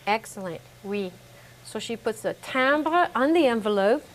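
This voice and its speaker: A woman's voice: a little high, animated, a little slow. A middle-aged woman teaching French to a remote class, reading French sentences aloud and translating each one into English with many fillers.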